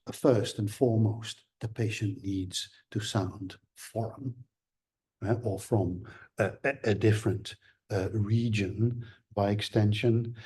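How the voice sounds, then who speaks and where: Slow, husky male lecturer. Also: lowish voice, warm tone. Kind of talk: academic seminar lecture.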